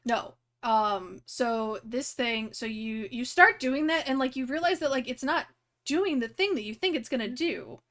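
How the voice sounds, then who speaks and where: A woman's voice: on the high side, lively intonation, measured pace, fairly bright tone. A woman running a tabletop game as game master, narrating loosely with fillers and laughs.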